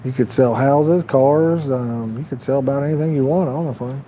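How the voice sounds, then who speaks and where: A man's voice: medium pitch, moderate pace, dark tone, a little hiss or hum, rough recording. A man hosting a fishing livestream outdoors by a pond, chatting loosely and rambling to his viewers. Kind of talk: casual live-stream chat.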